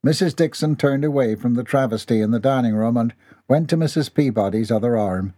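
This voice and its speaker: Male narrator, playful, dark husky tone, dry booth sound, for comic audiobook. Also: medium pitch, brisk, no echo. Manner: expressive, playful storytelling.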